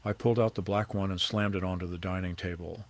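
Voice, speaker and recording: An older man narrating a first-person story in a calm, steady scripted style. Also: low-pitched, fast.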